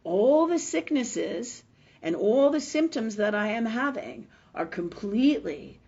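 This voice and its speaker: A woman's voice: on the high side, very animated, slow pace, gravelly, a little mellow, husky. A woman in her fifties, feeling unwell, hosting a spiritual livestream in a blunt, profane, emphatic way, often asking "right?". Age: 50s. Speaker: spiritual talk host. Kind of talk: casual livestream talk. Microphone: webcam or phone mic. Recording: dull, slightly lo-fi livestream audio.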